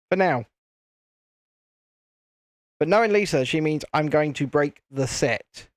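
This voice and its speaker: A man's voice: high voice, dry recording, studio quality. A British man hosting a casual live stream, chatting to viewers in a self-deprecating way.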